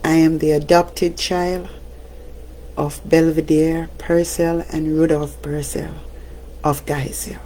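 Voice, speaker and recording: A Jamaican woman speaks slowly in a casual livestream monologue, chatty and quick to laugh. Her voice has a gravelly, creaky edge, and she talks like the radio broadcaster she is. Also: sits low, flat delivery, mellow, slight background noise. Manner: chatty, laughs often, breaks into song.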